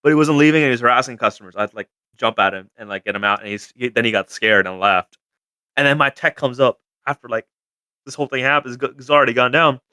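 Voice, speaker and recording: A man co-hosting a casual podcast, telling stories in an animated way and swearing freely. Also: mid-range voice, quick pace, clean tone, no room sound. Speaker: podcast co-host, car shop owner.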